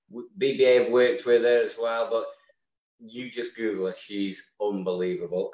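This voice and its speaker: A man co-hosting a live online show, talking effusively and sentimentally as he thanks his co-host and signs off. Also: medium pitch. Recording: roomy echo.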